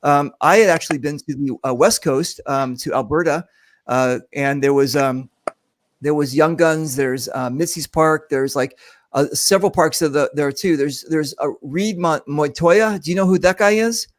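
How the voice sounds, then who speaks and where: A man's voice: on the high side, normal speed, no echo. A man hosting a casual video-call paintball show, joking and rambling with many fillers. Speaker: host of a paintball talk show.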